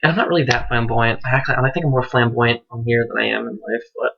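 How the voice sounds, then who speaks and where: A teenage boy vlogger telling his coming-out story to the camera, animated and earnest, jumping his pitch up high for quoted voices. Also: fast talker, gravelly, muffled recording. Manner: earnest and tender when encouraging viewers.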